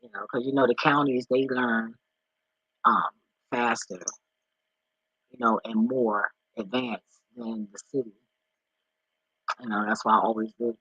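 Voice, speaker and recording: A man's voice: mid-range voice, fairly even intonation, unhurried, pauses often, sharp tone, slightly rough, no room sound, lo-fi sound. A man, vlogging casually from home, emotional and swearing, talking to his dogs. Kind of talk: casual reaction vlog. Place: indoors at home.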